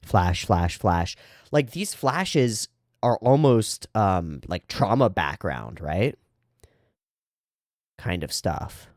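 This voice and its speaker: A man's voice: low voice, big pitch swings, drawn-out words, pauses often, no echo, clean studio sound. A man hosting an anime reaction video, talking casually and animatedly, often laughing and swearing as he comments.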